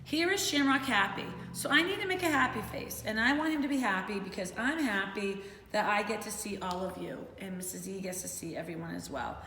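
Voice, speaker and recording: A woman's voice: mid-range voice, fairly quick, few pauses, slight background noise. Cheerful teacher woman in a roomy echo. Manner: animated sing-song teacher voice, encouraging. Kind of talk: remote class lesson for young children. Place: home. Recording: roomy echo with faint ambience.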